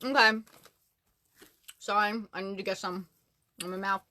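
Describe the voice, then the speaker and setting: A woman's voice: mid-range voice, fairly even intonation, measured pace, pushed and bright. A woman chatting on a casual livestream from her closet, bubbly and talkative, greeting viewers by name. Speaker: livestream host. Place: closet at home.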